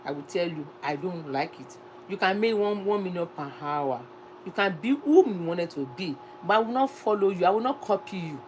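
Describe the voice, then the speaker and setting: A woman's voice: moderate pace, slight background noise, rough recording. A middle-aged woman, hosting her cooking channel and talking in a casual, emphatic way that repeats her points. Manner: emphatic and repetitive, lively swings between high and low. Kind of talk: casual vlog monologue.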